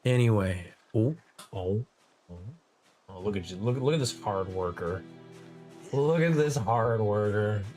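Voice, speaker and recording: A man's voice: lowish voice, lively intonation, a little slow, pauses often, darkish tone, soft background music. A man streaming a survival game, chatting loosely and profanely to himself as he plays. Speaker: gaming streamer and server host. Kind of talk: casual gameplay commentary.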